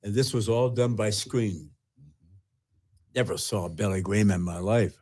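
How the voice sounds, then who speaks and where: An older man, a retired pastor, earnestly telling his personal testimony with halting restarts. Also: on the low side, darkish tone, husky.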